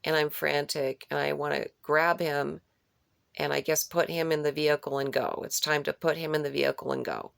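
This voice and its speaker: A woman's voice: sits low, flat delivery, moderate pace, vocal fry, clean tone, no echo. A woman recounting a dream in an unscripted way, rambling and repeating phrases for emphasis. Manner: rambling, with restarts and searching for words. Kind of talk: unscripted personal retelling of a dream.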